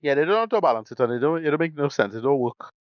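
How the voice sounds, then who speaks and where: Fast-talking man agreeing with his co-host. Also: on the high side, animated, no echo, dull audio. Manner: brief agreeing interjections. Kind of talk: casual film review chat.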